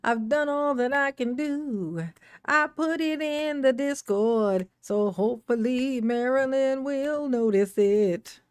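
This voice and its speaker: A woman's voice: high voice, slow, clean tone, no room sound, studio quality. Playful woman chatting on a livestream. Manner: playful, sing-song, greets chat viewers by name. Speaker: livestream host. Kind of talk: casual livestream chat.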